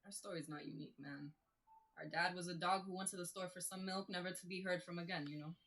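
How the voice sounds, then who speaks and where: An actor playing a blunt, level-headed young woman who talks in a calm, matter-of-fact way during a stage play reading. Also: on the low side, fast talker, noisy background, lightly acted.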